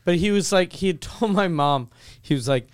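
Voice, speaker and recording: A man's voice: high voice, expressive, normal speed, dry recording, clean studio sound. A man casually telling an anecdote on a podcast, laughing as he acts out the people in it. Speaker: podcast co-host. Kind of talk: casual chat, storytelling.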